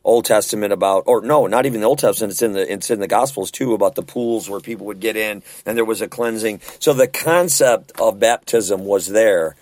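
A man's voice: on the low side, brisk, hardly any pauses, darkish tone, dry recording. A man leading a casual Bible study discussion, talking earnestly and conversationally and often checking in with rhetorical questions.

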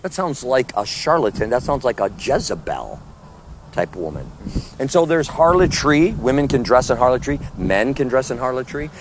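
A man's voice: mid-range voice, sing-song, normal speed, noisy background. A man preaching fervently in the street to one listener, firing rhetorical questions and condemnations. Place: outdoors at a public event.

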